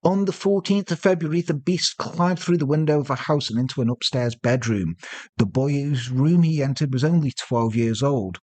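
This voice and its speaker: A man co-hosting a podcast, telling a true-crime story with joking, deadpan asides. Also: medium pitch, normal speed, no echo. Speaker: podcast co-host.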